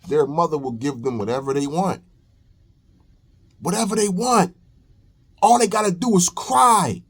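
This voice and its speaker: A young man speaks slowly and deliberately in a high voice. He lectures in reaction-video commentary, emphatic and preachy, hammering points home by repetition. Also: breathy edge. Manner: preachy, emphatic, repeats phrases. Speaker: commentary host.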